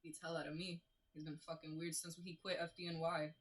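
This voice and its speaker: An actor playing a blunt, level-headed young woman who talks in a calm, matter-of-fact way during a stage play reading. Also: sits low, a little fast, close to an everyday voice, rough recording.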